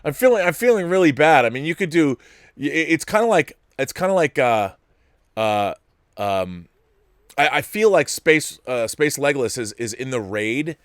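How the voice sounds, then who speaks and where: Middle-aged male host, lively sing-song delivery, giggly, dry close sound. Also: fairly high pitch, moderate pace, no room sound. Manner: giggly, rambling, laughs often. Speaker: show host. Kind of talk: casual solo commentary.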